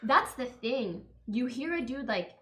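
A young woman hosts a relaxed podcast chat in a slightly high voice. She rambles animatedly and leans on "like" at every turn, her energy rising and falling as she goes. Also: measured pace. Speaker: podcast host.

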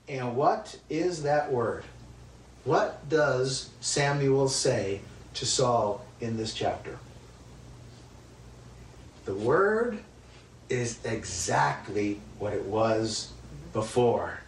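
A man with a medium-pitched, animated voice teaches a Bible study lesson, speaking slowly with frequent pauses and a slight hiss or hum underneath. His delivery is conversational and emphatic, full of rhetorical questions. The distant mic gives a roomy sound with faint ambience.

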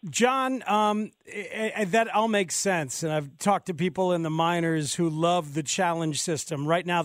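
A male host asking a guest about baseball in a chatty, quick way, sometimes tripping over words. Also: sits high, dry recording, studio quality. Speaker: radio or podcast host. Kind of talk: interview questions.

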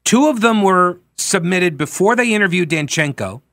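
A man's voice: sits high, animated, normal speed, a bit bright, no echo. A man hosting a political talk radio show, speaking emphatically and conversationally, correcting himself as he goes.

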